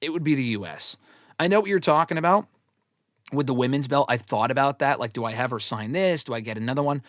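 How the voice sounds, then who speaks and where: A man hosts a wrestling show, answering fan questions in a casual livestream with rambling, profane, self-deprecating stories. His mid-range voice is fast and slightly bright, with clean studio sound and no room echo.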